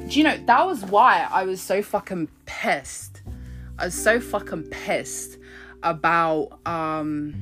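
Young woman venting about her ex, swears a lot, voice jumps all over, soft guitar behind. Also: on the low side. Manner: profane, ranting, laughing at herself. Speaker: poet reading and discussing her own breakup poems. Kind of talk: confessional casual monologue.

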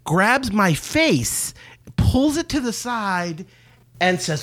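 A man's voice: high voice, slow pace. A man co-hosting a talk show, telling a story in casual chat, laughing and acting out the people in it. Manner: animated, laughing, acts out quoted people. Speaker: podcast co-host.

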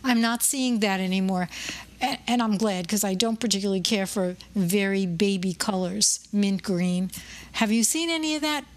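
A middle-aged woman hosts a podcast in a relaxed, conversational way. She is opinionated and chatty and likes to tell anecdotes from her own career. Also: mid-range voice, normal speed. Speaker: podcast host. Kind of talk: casual interview chat.

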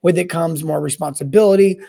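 A man hosting a solo podcast on plumbing service and sales, talking in a rambling, energetic way that often repeats and restarts words. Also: on the high side, a little fast, gravelly. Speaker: podcast host.

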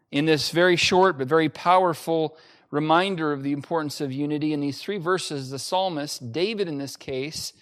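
A pastor preaching an emphatic sermon to a livestream audience, repeating key phrases with frequent fillers. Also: male voice, on the high side, a bit bright, clear, resonant tone. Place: church during livestream-only service.

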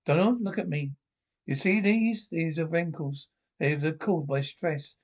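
A woman's voice: low-pitched, a little slow, a little mellow. An actress playing a vain, fussy wife who scolds her husband in a TV drama. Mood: scolding. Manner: exasperated, scolding.

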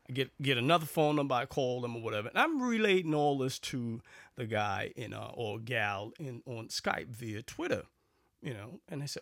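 A man's voice: mid-range voice, sing-song, normal speed, a bit bright, no echo, studio quality. A man talking casually to camera in a rambling, sarcastic vlog, full of fillers and restarts. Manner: chatty, sarcastic storytelling with frequent fillers and restarts. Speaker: vlogger.

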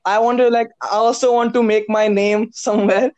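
A man's voice: sits high, little pitch movement, moderate pace, a little mellow, clean tone, no room sound, lo-fi sound. Giggly teen boy chatting. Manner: giggly, laughs often, exclaims a lot. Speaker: podcast host. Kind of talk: casual chat.

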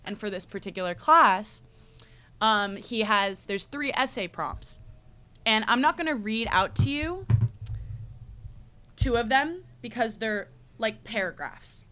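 Bright-voiced woman telling a story. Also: a little high, measured pace, pauses often. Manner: rambling, animated storytelling with frequent "like" and laughs. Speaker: podcast host, university student. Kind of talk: casual chat.

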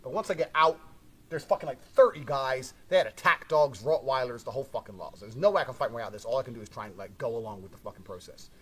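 Fast-talking brash man telling a story. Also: mid-range voice, a bit bright. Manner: brash, swears constantly. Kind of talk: casual storytelling monologue.

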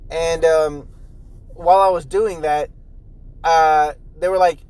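A young man hosting a casual solo podcast from inside his car, rambling and swearing with animated, profane energy. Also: takes it slowly, no room sound, low-quality recording. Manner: animated, profane, jumps into loud high mimicry. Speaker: podcast host.

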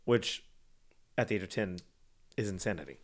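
A podcast host with a low, expressive voice jokes around while recounting a true crime case. He talks in a drawn-out, laid-back way and leans on plenty of fillers.

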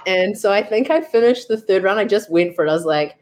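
A young New Zealand woman, a fitness coach and athlete appearing as a guest, tells a story fast in a mid-range voice with lively intonation. She's chatty, says "like" a lot, and acts out her own thoughts as quotes.

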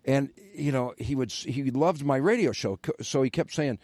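Older man, guest storyteller, rambling, mid pitch, dry sound. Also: normal speed, darkish tone, no room sound. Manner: rambling storyteller, many fillers. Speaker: podcast guest, former radio host. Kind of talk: casual chat.

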